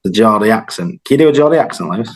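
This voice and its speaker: Man, 30s, from northern England, casual chat, rambling and relaxed, lower pitch, video call. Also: rapid-fire, husky, low-quality recording. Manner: relaxed and rambling, full of fillers. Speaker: guest, host's childhood friend.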